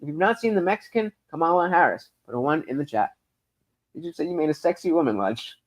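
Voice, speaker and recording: A man's voice: on the high side, lively intonation, quick pace. A man hosting a casual livestream, reading chat and rambling profanely with lots of stammered fillers. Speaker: streamer host reading live chat.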